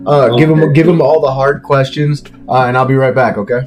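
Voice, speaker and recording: A man's voice: mid-range voice, steady tone, a little fast, music in the background. Laid-back man hosting a gaming podcast. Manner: laid-back, swears, reads chat aloud. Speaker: podcast host. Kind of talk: casual gaming podcast chat.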